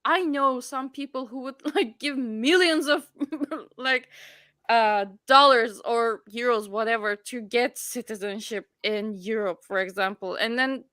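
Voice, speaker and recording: A woman's voice: a little high, a little slow, fairly bright tone, no echo, clean studio sound. A woman chatting casually on a livestream, hesitant and full of fillers. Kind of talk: casual chat.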